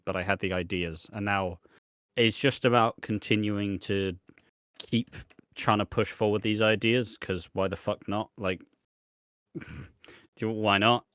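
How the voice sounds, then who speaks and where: A man's voice: fairly low pitch, a bit bright, clear, resonant tone, dry recording, clean studio sound. A man co-hosting a podcast in casual chat, laid-back and casually swearing. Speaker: podcast co-host.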